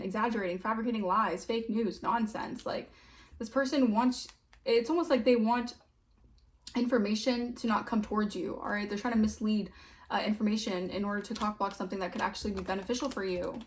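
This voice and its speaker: A woman's voice: mid-range voice, slight background noise. A young woman giving a casual tarot reading, chatty and emphatic, often saying "all right". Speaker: tarot reader.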